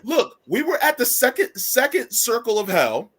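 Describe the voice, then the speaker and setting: A man's voice: very high voice, big pitch swings, moderate pace, fairly bright tone, slightly rough. A man hosting a casual conversation, reacting in a theatrical, exclamatory way. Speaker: host.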